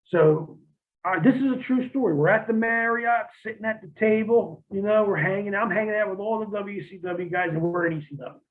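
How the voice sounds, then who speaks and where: A man, a former pro wrestler, telling profane stories in a casual interview and acting out what others said. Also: high-pitched. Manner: profane, vivid storyteller who acts out quotes. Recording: tinny phone-like line.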